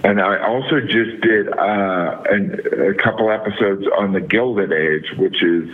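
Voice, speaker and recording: A man's voice: lowish voice, a little slow. A middle-aged man as a comedian guest in a casual interview, rambling with many fillers over a phone line.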